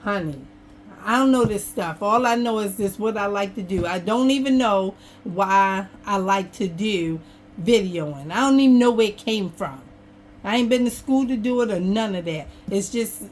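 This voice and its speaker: A chatty woman sits at her craft table at home and talks straight to her viewers in a loose, folksy way, with her camera on an over-table tripod. A faint hum of background noise sits under her voice. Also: mid-range voice. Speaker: craft vlogger. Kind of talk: casual chat.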